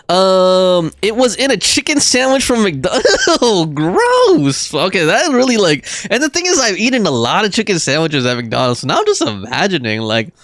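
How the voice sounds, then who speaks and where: A man's voice: sits high, very animated, a little slow, fairly bright tone, no echo, clean studio sound. A young man livestreaming a game, chatting casually, rambling through restarts and laughing often.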